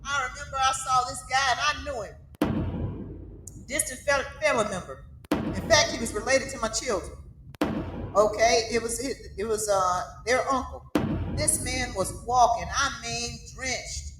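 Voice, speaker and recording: Fiery Southern woman host, high and echoey. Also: normal speed, music in the background. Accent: Southern American. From Southern United States. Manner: fiery, emphatic preaching with frequent "okay?". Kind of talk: casual monologue. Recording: echoey room with audible noise.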